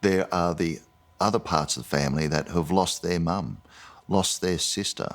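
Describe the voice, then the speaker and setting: An Australian man with a very deep voice, plain-spoken and steady. He sounds like a retired detective giving an interview. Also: normal speed.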